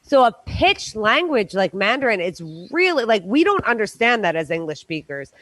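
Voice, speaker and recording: A woman's voice: medium pitch, very animated, normal speed, fairly bright tone, no room sound, poor audio. A woman hosting a late-night quiz show, telling long rambling stories in casual chat with playful put-on voices. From New York.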